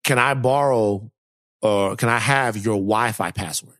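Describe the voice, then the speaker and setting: Unhurried and low-voiced, this man co-hosts a podcast and narrates a story over casual talk, voicing the people in it with animation. The sound is dry and clean, straight from a studio.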